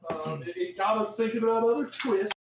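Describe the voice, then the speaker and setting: A man co-hosting a podcast in casual chat, excitable and animated, breaking into shouted asides. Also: high voice, a little fast, gravelly, echoey room, background noise. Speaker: podcast co-host.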